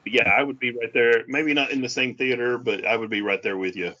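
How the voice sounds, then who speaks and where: A man co-hosting a podcast, talking casually about films in a halting way with many restarts. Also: mid-range voice, steady tone, bright, forceful tone. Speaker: podcast co-host. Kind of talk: casual film discussion. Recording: dull lo-fi sound.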